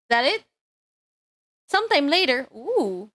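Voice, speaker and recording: A young woman streaming, reading a dating game aloud in a giggly, animated way. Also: high voice, measured pace.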